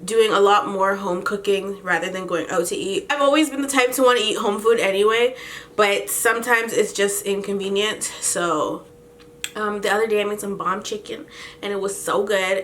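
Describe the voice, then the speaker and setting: A woman's voice: medium pitch, steady tone, normal speed, fairly bright tone, a little hiss or hum. Chatty young woman vlogging. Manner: chatty, laughs often, slangy. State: pregnant. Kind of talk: casual pregnancy update vlog.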